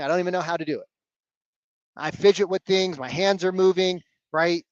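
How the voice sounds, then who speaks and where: A man coaching salespeople live on a video call, blunt and animated, swearing casually. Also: high-pitched, moderate pace, no room sound, lo-fi sound.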